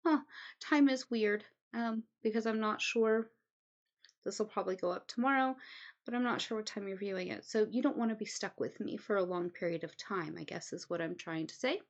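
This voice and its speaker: A woman's voice: mid-range voice, a little fast. A woman at home giving casual, rambling commentary, chatty and full of "um"s. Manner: rambling, chatty, many ums. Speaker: commentary host.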